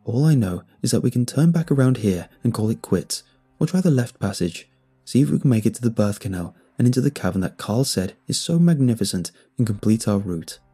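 Give me a man playing a weary middle-aged father trapped in a cave, low and subdued with a husky tone. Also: animated, fairly quick, dark tone.

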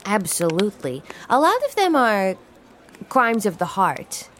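A woman voicing an elderly lady living in a retirement community, gentle and a little bewildered, in an improv comedy scene. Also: mid-range voice, big pitch swings, a little slow, a little hiss or hum. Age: older.

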